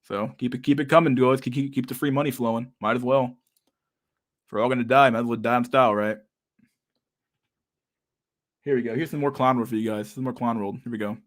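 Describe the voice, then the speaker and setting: A young man talks through a casual livestream chat. His speech is loose, full of slang and swearing, and his tone is sarcastic. His voice sits at an ordinary middle pitch for a man. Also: steady tone, brisk, long pauses. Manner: profane, slangy, laughing, sarcastic. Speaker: livestream host.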